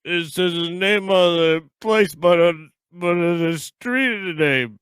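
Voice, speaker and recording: Кто-то из мужчин язвит, ругается и изображает других. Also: male voice, high-pitched, takes it slowly, a bit bright, clean tone, no room sound. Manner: crude, joking, does mocking impressions. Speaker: podcast co-host. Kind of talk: casual comedic commentary over a video.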